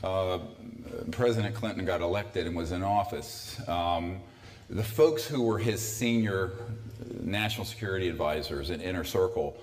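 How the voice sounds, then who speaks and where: A man in his sixties with a very low voice speaks at normal speed to a live audience in an echoey lecture hall. His talk is conversational, peppered with dry, sardonic asides.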